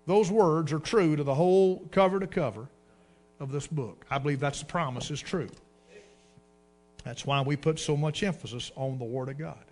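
High, bright-voiced man preaching a sermon. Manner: emphatic preaching, slows down to quote scripture; drops to a hushed low voice at line ends. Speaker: pastor.

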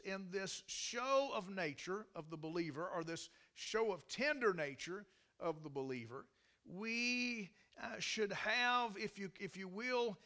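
A man's voice: high-pitched, pushed and bright. A man preaching a sermon in a folksy, emphatic way, often restarting his sentences. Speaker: pastor.

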